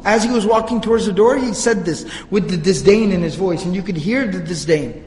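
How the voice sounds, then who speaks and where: A man's voice: sits high, fairly quick, darkish tone. A man giving a religious history lecture, telling the story earnestly and reciting Arabic passages. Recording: echoey hall reverb.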